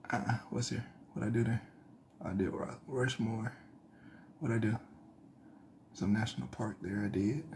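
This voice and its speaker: A man's voice: lowish voice, slight background noise. A man hosting his own casual news commentary, rambling and correcting himself as he works, with a slight twang. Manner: rambling, self-correcting, thinking aloud. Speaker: news show host.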